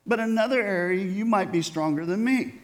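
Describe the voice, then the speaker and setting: A man's voice: sits high, brisk. A male preacher giving a sermon in a conversational way, often asking his listeners questions. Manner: conversational, asks the audience questions.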